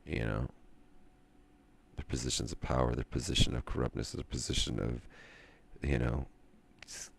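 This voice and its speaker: A man with an extremely low, gravelly voice rambles through a stream monologue. He rants and muses, trailing off into long pauses between thoughts. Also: steady tone. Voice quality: very deep gravelly voice. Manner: ranting, musing, drawn-out pauses.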